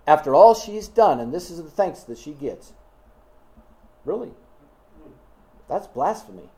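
A man's voice: mid-range voice, warm tone. A man preaching a sermon in an emphatic, scolding way, full of rhetorical questions.

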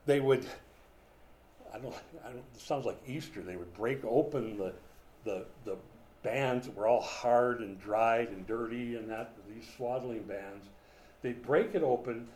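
A man's voice: medium pitch, unhurried, a little mellow, slight background noise. An older man preaching a sermon in a conversational, folksy way, with chatty asides and small jokes. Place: room with a whiteboard.

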